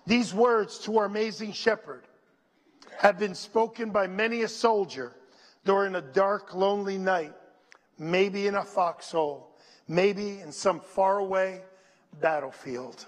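A male pastor preaching a sermon, leading his congregation to repeat scripture lines and dropping to a near whisper on them. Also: high voice. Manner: slow, drops to a near whisper on scripture phrases; call-and-response with the congregation. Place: church sanctuary. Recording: long reverb in a large hall.

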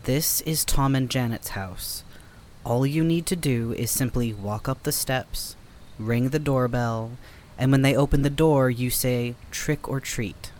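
Casting: a man playing a deadpan, formal, sardonic companion, mid-pitched, audio drama. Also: measured pace, slight background noise, close to an everyday voice. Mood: dry. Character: dry, sardonic, verbose male companion.

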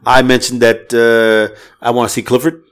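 A man's voice: medium pitch, level tone, moderate pace, smooth. A man hosting a casual podcast, chatting playfully and teasing his co-hosts. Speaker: podcast host. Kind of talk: casual chat.

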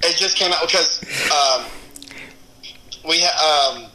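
A man's voice: on the high side, takes it slowly, roomy sound, noisy background. A man reminiscing in casual chat, telling wild stories with lots of swearing and laughter. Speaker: former club DJ, guest.

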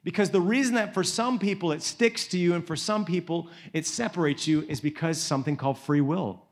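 A man's voice: fairly high pitch, fairly quick. Casual, slangy young male preacher. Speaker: youth speaker. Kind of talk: sermon.

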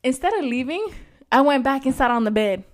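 A young woman co-hosting a podcast, telling a personal story bluntly, with lots of profanity and animated retelling. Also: high-pitched, fairly quick. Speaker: podcast co-host. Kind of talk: candid casual chat.

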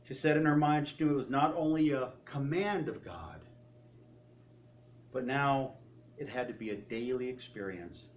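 Man, preacher, sermon storytelling, quoted speech, trails off softly. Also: medium pitch, moderate pace, highs cut off.

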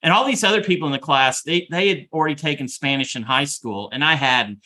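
A man's voice: on the high side, fairly quick, sharp tone. A middle-aged man co-hosting a podcast, chatting casually and repeating himself as he talks. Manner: rambling, repeats words while talking. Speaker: podcast co-host. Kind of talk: casual chat.

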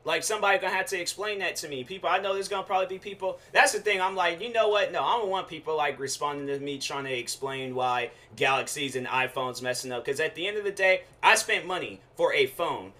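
A young man hosting a podcast, ranting casually in an animated, slangy storytelling way with frequent fillers. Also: a little high. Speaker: podcast host. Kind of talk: casual rant.

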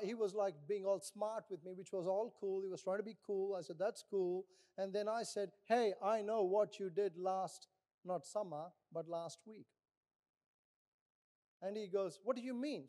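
Animated high-voiced male pastor preaching. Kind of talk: sermon.

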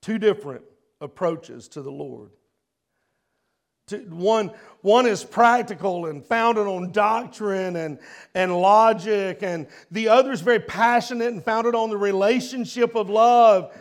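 A middle-aged man preaching a sermon with emotion, swinging between loud passages and hushed ones. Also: sits high, unhurried.

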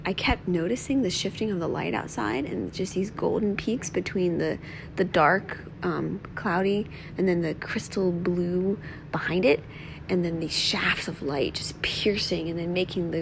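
Soft-spoken woman with a gravelly edge. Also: lowish voice, steady tone, moderate pace, noisy background. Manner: soft, earnest, often drops to a near-whisper. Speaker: podcast host. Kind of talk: reflective devotional talk. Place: at home.

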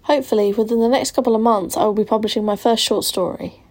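A woman's voice: a little high, fairly even intonation, fast, a little mellow. A young woman in her twenties, a student editor, presenting a literary showcase in a careful, earnest read. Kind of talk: scripted presentation.

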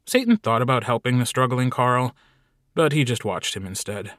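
A man narrating a comic short story audiobook in a wry, deadpan manner. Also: medium pitch, normal speed, no echo, clean studio sound. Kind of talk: scripted narration.

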